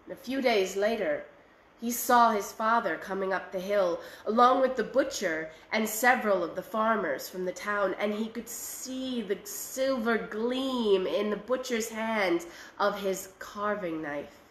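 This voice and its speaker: A woman storyteller telling a folk tale aloud, expressive, recorded in an echoey room. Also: mid-range voice, a little slow, a little hiss or hum. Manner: expressive, shifting voices for characters.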